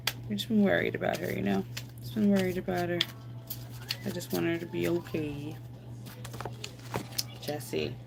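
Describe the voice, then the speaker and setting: A woman with a low voice and a gravelly, creaky edge chats loosely to her live-stream viewers and answers their comments as they come in. She rambles a bit as she talks. A steady hiss of noise sits under the recording. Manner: rambling, chatty, answers chat comments aloud.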